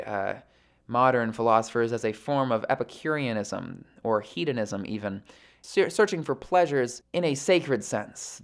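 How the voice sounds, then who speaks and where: A man with a mid-range voice reads scripture in a measured, deliberate way. Between passages he reflects aloud, a little hesitant, with the odd filler as he thinks things through. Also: mid-range voice. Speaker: podcast host reading scripture. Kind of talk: scripture reading with commentary.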